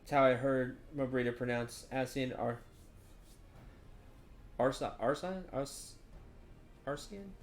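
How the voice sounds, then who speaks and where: A man's voice: mid-range voice, slow, pauses often, a little hiss or hum. A man streaming a video game, chatting casually, chuckling and stumbling over names. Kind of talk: casual gaming commentary.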